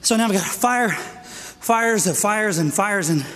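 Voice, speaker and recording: A middle-aged man preaching a sermon to men, energetic and out of breath, calling for amens. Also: high-pitched, slow. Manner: energetic, calls for amens, asks "right?". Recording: echoey hall with long reverb.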